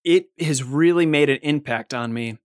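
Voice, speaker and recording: A man's voice: fairly high pitch, normal speed, no echo, studio quality. A man hosting a casual podcast interview, conversational, telling a personal story. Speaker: podcast host.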